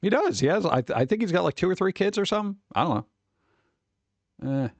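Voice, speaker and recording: A man's voice: high-pitched, very animated, quick pace, no room sound, muffled recording. A tired man chatting casually on a livestream, rambling and sarcastic, reading chat messages aloud.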